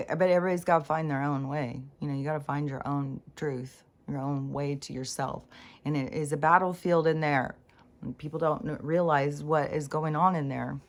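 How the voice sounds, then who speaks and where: A woman in her sixties talking in a rambling, frank monologue full of fillers and restarts. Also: low-pitched. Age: 60s. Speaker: spiritual channeler. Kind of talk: casual monologue.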